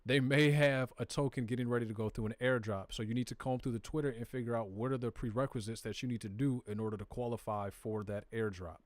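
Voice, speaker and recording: A man's voice: mid-range voice, fairly even intonation, quick pace, few pauses, no echo. A man with a Southern US accent hosting a live crypto stream, walking viewers casually through charts and data in plain, slangy talk. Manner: conversational, talks to viewers directly, slips into slang. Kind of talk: casual screen-share walkthrough.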